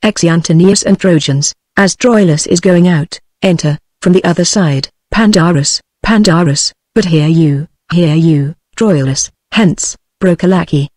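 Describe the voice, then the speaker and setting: A text-to-speech voice of a British woman reading a play aloud, announcing the speaker names and stage directions in the same even tone. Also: fairly low pitch, measured pace, hardly any pauses, dry recording. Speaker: audiobook reader.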